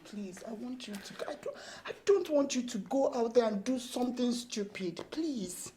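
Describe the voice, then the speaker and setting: An actress playing a worried sister with a Nigerian English accent, pleading urgently and soothing in hushed tones. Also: female voice, on the high side, lively intonation, normal speed, background noise, lightly acted.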